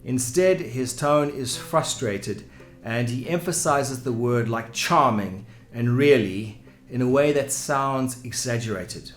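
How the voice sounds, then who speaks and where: A man teaching English vocabulary in a clear, explanatory way, giving example sentences. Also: medium pitch, takes it slowly. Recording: echoey room with soft music.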